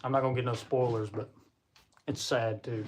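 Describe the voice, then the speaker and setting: A man's voice: mid-range voice, fairly even intonation, moderate pace, slight background noise. A man hosting a casual live stream, rambling and chatting with viewers as he reads their comments. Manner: rambling, chatty, laughs often; talks to viewers while reading comments. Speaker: livestream host.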